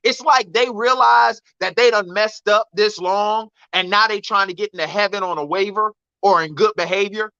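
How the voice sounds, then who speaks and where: Bright-voiced animated comedian man. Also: sits high, moderate pace, hardly any pauses, smooth, no echo, lo-fi sound. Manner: animated, emphatic, repetitive denials. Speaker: comedian guest. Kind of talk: storytelling stand-up chat.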